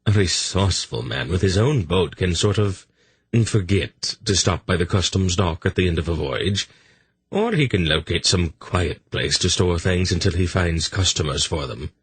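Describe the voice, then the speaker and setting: A man's voice: deep voice, animated, normal speed, slightly rough, no echo, exaggerated voice. A man voicing a sly, teasing male thief with dry wit in an audiobook.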